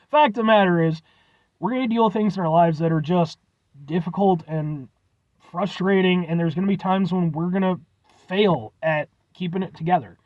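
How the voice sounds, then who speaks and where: Man, high voice, rambling jokey vlog talk, casual swearing. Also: no echo, dull audio. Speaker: food review vlogger.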